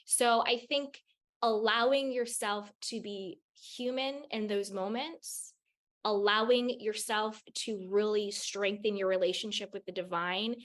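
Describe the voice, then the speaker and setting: A woman's voice: medium pitch, fairly even intonation, measured pace, fairly bright tone. A woman talks as a podcast guest, sharing spiritual advice with raw candor. She swears freely and repeats phrases to drive her points home. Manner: emphatic, repeats phrases for stress. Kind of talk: candid spiritual advice in conversation.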